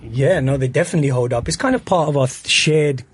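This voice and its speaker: A man from London, a musician guest explaining his album in a casual radio interview, relaxed and full of "you know". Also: mid-range voice, fast talker, slightly rough.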